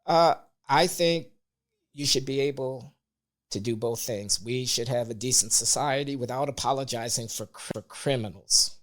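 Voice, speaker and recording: Measured, emphatic man guest. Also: mid-range voice. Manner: measured, deliberate, emphatic on key words. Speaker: podcast guest. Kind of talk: conversational opinion talk.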